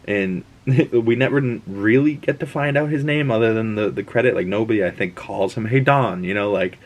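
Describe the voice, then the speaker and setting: A man talks through a show episode in a loose, rambling reaction style, with lots of restarts and asides. His voice sits low and comes across husky. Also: brisk. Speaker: host. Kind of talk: casual reaction and episode breakdown.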